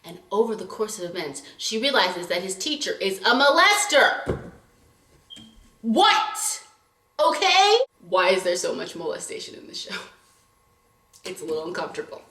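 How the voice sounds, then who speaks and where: A young woman vlogger recapping a drama in animated, chatty casual talk, acting out scenes as she goes. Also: lowish voice, brisk, echoey room.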